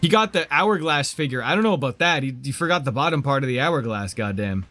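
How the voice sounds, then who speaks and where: Male streamer, casual sarcastic game commentary, animated delivery, quiet game music underneath. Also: medium pitch, fast, no room sound. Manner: joking and sarcastic.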